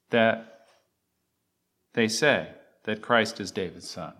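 A man's voice: on the low side, fairly even intonation, slow, long pauses, a bit bright. A man preaching a sermon, reciting scripture and asking the congregation emphatic questions. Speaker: pastor.

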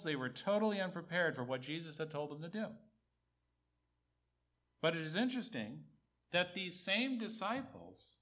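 A man preaching a sermon, repeating key phrases for emphasis, rising on quoted words and dropping low on asides. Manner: rises high and loud on quoted speech, drops low on asides.

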